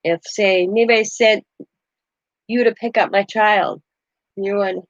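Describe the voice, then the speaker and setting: A middle-aged woman telling a family story in a chatty, animated way, often breaking into laughter. Her voice sounds dry and close, with a slightly dull, lo-fi home-recording quality. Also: medium pitch, measured pace, no echo. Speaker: crafting channel host. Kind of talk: casual storytelling.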